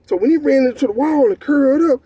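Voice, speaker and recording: A man from Texas with a Texan accent, telling a story in animated, profane street slang and often checking in with his listener. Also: extremely high pitch, fast, dry recording. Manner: animated, profane street slang, repeats "you know what I'm saying". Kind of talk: casual storytelling.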